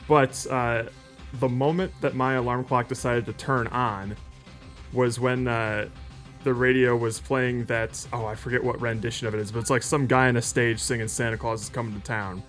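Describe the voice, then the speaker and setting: A man's voice: mid-range voice, steady tone, normal speed, a bit bright, faint music behind. A man streaming with friends, telling a rambling story in casual chat and laughing often.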